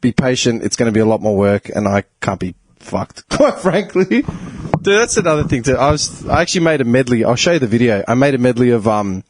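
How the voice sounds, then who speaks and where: Laughing, animated male podcast host. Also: mid-range voice, brisk, no room sound. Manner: laughs often, animated storytelling. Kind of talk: casual chat.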